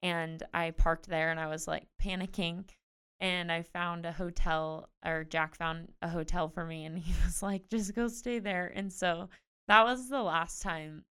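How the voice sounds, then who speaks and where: A woman in her twenties, a pro tennis player being interviewed, chatting in a lively way with lots of "like". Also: lowish voice, unhurried, clear, resonant tone. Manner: chatty, animated retelling with frequent "like". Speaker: guest, professional tennis player. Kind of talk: casual interview storytelling.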